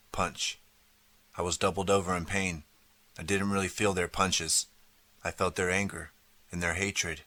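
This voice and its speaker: Man, audiobook narrator, low voice, bright tone, dry close recording, dramatic reading. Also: no room sound. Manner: dramatic storytelling, turns pleading for the boy's lines. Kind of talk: scripted first-person narration.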